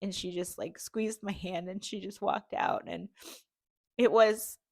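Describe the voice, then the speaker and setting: A woman's voice: mid-range voice, fairly even intonation, unhurried, creaky, darkish tone, no echo, clean studio sound. A young woman hosting a podcast, telling a personal story in a heartfelt, rambling way with many fillers and restarts. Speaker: podcast host.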